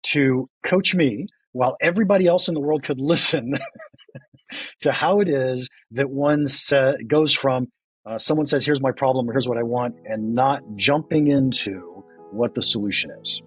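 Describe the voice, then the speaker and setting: A man hosting a podcast in a casual interview chat, self-deprecating and quick to laugh, often repeating words when he gets excited. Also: medium pitch, husky. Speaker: podcast host.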